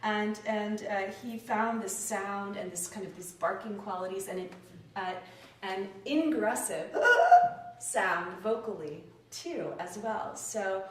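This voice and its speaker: A woman, an acting professor and dialect coach, giving an animated lecture and demonstrating sounds aloud. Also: medium pitch, slow, far from the mic, a little hiss or hum. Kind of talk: lecture talk. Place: lecture room, indoors. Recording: echoey room, picked up from afar.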